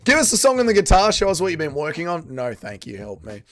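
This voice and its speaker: A young man with a slightly high voice hosts a casual livestream, reading chat aloud. He jumps from loud bursts to low mumbles in a loose, unscripted way. Faint music plays behind him. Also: wildly swooping pitch, fast.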